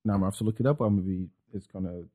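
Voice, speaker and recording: A man from France with a French accent, hosting a podcast in casual chat, animated and swearing freely, with many restarts. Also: low-pitched, racing. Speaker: podcast host.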